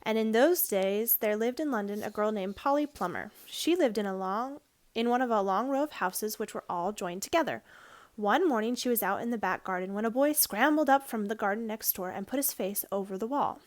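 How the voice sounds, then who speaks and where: A woman reading a children's storybook aloud in a gentle, clear way, now and then correcting herself. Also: mid-range voice, fairly quick.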